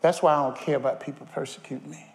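A man's voice: a little high, steady tone, rapid-fire, vocal fry, darkish tone. A man preaching a sermon, firing questions at his congregation. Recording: long hall reverb.

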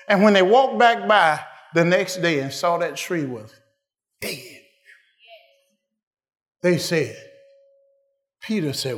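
High, bright-voiced shouting preacher. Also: male voice, takes it slowly, long pauses, echoey room. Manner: preaching with shouted climaxes and sudden hushed drops. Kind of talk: sermon.

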